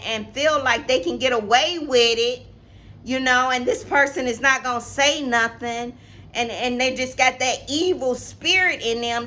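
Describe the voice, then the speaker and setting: A woman's voice: high-pitched, bright, forceful tone. A woman, telling a personal story in a casual vlog, emphatic and repeating herself. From Atlanta, Georgia, US. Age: 50s. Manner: emphatic, repeats phrases, talks straight to viewers. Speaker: co-host.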